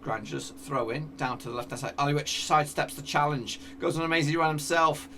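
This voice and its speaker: Excitable man calling a football sim. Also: a little high, a little fast, recorded from a distance, a little hiss or hum. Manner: excitable, cheers at goals, talks to his players. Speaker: gaming YouTuber. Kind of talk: live commentary over a football management game.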